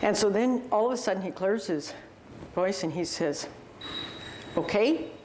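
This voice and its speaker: A woman, a university president, telling personal stories to an audience in a vivid, animated way and acting out the people she quotes. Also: mid-range voice, moderate pace, slight background noise. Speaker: university president giving a talk. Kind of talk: personal storytelling talk to an audience.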